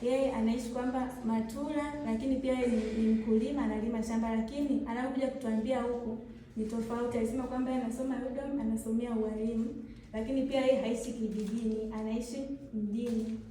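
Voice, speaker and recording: A woman's voice: a little high, steady tone, fast talker, dark tone, slight background noise. A woman, a nursing student, reading a clinical case report aloud in a classroom, listing findings in short clipped phrases. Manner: reads clipped clinical lists, mixes in Swahili. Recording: echoey room from far off.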